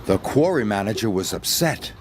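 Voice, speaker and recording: A man narrating a children's storybook in an expressive, measured way. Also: on the low side, noisy background. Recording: loud music under the voice.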